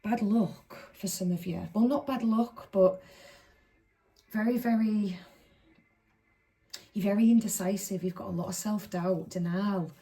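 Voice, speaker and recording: A woman's voice: mid-range voice, fairly even intonation, unhurried, long pauses, warm tone, slightly rough, rough recording. A woman giving a casual, chatty tarot reading to camera, talking informally and letting the odd swear word slip. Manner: chatty and informal, with a few stray swear words. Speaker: tarot reader.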